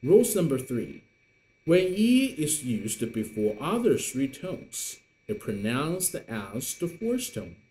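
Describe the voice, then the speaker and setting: A man teaching Mandarin online, slowly repeating words to model the tones. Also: medium pitch, big pitch swings, warm tone. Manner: slow, deliberate modelling of tones with repetitions. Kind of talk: online language lesson.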